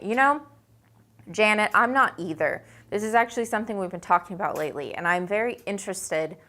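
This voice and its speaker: A woman hosts a live stream and answers viewer comments in a loose, chatty way. Her voice sits a touch on the low side, and she talks in friendly run-on sentences full of fillers. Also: bright, forceful tone. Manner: chatty, upbeat, rambling with fillers. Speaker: host. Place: indoors with a quilt hanging behind her.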